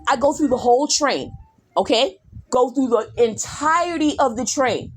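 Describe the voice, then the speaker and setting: A middle-aged woman hosting a podcast, telling a story loudly and animatedly, talking straight to her listeners and swearing casually. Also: high-pitched, moderate pace, husky, soft background music. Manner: animated, loud, addresses listeners directly, swears. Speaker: podcast host.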